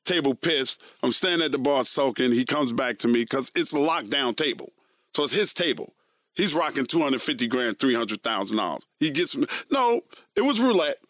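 A man, telling stories as a guest in a casual interview, animated and swearing freely. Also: medium pitch, moderate pace, no echo, studio quality. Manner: profane, animated storyteller. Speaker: guest, veteran radio and TV host.

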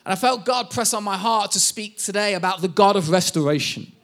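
A man's voice: sits high, brisk, fairly bright tone. A man in his thirties, a pastor, preaching a sermon and telling family stories with self-deprecating humor.

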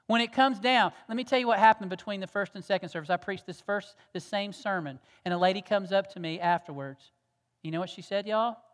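A man preaching a sermon as pastor, earnest and pleading, moving from loud exhortation to hushed tones. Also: high-pitched, brisk. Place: church sanctuary. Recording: long reverb of a church hall.

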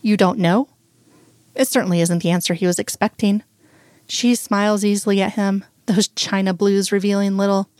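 A woman's voice: mid-range voice, flat delivery, fairly quick, darkish tone, no echo, studio quality. Woman narrating a romance audiobook.

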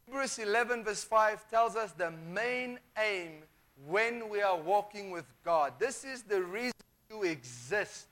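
A man's voice: sits high, lively intonation, a little slow, sharp tone. A man preaching a sermon, emphatic, often repeating phrases and restarting sentences.

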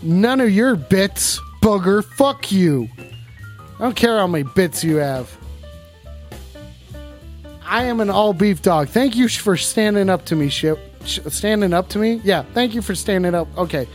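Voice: medium pitch, expressive, measured pace, soft background music. A streamer in casual live-stream chat, reading out chat messages and teasing the audience in a profane, jokey way.

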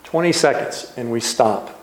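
Gentle man preaching in an echoey room. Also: mid-range voice. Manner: gentle, unhurried, with soft trailing pauses. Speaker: pastor. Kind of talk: reflective sermon storytelling.

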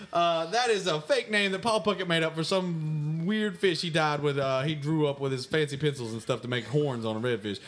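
A man, co-hosting a comedy show and answering listener mail in a mock-pompous voice. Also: a bit bright. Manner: mock-pompous, swings between high squeaks and low mutters. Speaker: podcast co-host answering fan mail in character.

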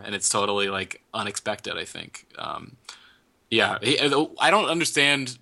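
A man's voice: on the low side, expressive, a little slow, gravelly, sharp tone. A man co-hosting a casual TV recap chat, retelling scenes in a rambling way with many fillers and restarts.

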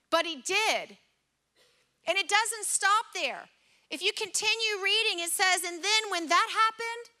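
Bright high-voiced woman preaching. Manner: earnest, conversational preaching with paraphrased scripture. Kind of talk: sermon.

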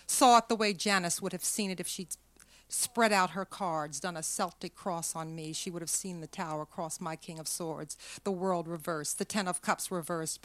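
A woman reading her own fiction aloud at a literary event in a measured, expressive way. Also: on the low side. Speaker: author reading her work.

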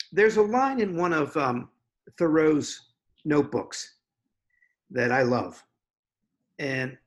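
A man who edits poetry, talking through a poem in a thoughtful, unhurried way with frequent pauses. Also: mid-range voice. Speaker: poetry editor. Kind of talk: conversational discussion of poetry.

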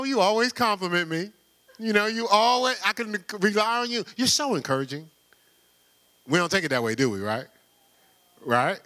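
A man preaching a sermon in a loose, conversational way, full of rhetorical questions and quick laughs. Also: a little high, very animated, bright, forceful tone. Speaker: pastor.

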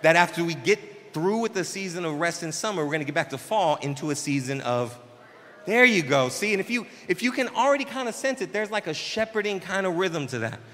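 A man preaching a casual, conversational sermon as pastor, with slangy, animated asides. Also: sits high, a little fast, big-room sound. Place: church sanctuary.

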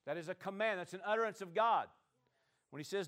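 A man preaching a sermon, calling on the congregation to answer and swinging between loud declarations and quiet asides. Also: high voice, a little fast. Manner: call-and-response preaching, swings from loud to soft. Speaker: pastor.

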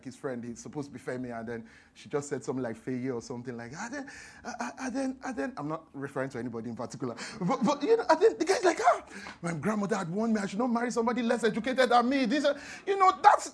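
A man's voice: sits high, a bit bright. A man preaching a sermon in a playful storytelling way, acting out quotes and laughing along. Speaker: pastor.

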